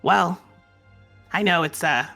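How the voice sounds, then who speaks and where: A woman's voice: on the low side, slow pace, vocal fry, pushed and bright, soft background music. A woman running a tabletop game, humming and musing, asking curious questions. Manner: curious, musing, lots of hums. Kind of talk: in-character role-play and game rulings.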